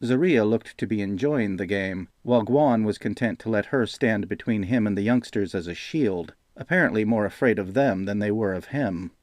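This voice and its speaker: Man, audiobook narrator, low voice, measured, dry studio sound. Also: a little mellow, dry recording. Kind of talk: scripted fantasy narration.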